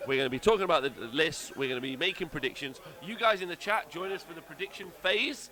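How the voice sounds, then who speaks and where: A man's voice: on the high side, fast, sharp tone. A man hosting a live stream, chatting upbeat and thanking viewers as he walks through the lineups. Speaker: stream host and commentator.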